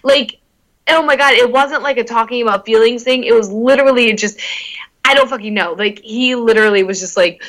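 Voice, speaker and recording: A young woman chats candidly, her bright voice sitting a little high. She rambles through stories with filler words, swearing and quick asides. It sounds like casual talk between friends. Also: poor audio. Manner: animated retelling with quick asides. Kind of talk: casual storytelling chat.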